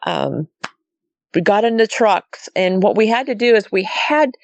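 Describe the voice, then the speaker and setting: A woman's voice: medium pitch, expressive, measured pace, no room sound. A woman recounting an outdoor night story in chatty storytelling style, from Montana, often quoting others with "he goes" and "I said". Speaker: guest telling a sighting story. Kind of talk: casual storytelling.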